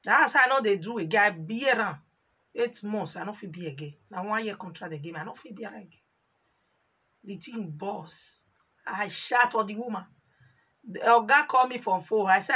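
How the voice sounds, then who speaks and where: Nigerian woman vlogger, bright forceful voice, animated storyteller who acts out every quote. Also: mid-range voice, normal speed, slightly rough. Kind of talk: casual storytelling monologue in Pidgin.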